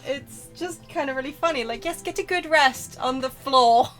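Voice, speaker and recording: A playful woman streamer trading jokes as she plays, her voice a bit high. She keeps up goofy asides. Game music runs clearly beneath her. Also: normal speed. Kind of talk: casual game-stream chat.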